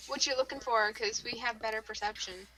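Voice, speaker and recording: A woman playing a tabletop game, tossing in quick joking asides. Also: on the high side, bright, forceful tone, slight background noise, rough recording. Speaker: player. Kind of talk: casual tabletop chat.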